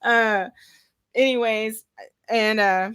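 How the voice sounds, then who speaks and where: A woman's voice: a little high, fairly even intonation, slow pace, a bit bright, clean tone, no room sound. A woman with a Texas accent chatting casually on a live stream as co-host, rambling and laughing often. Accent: Texan.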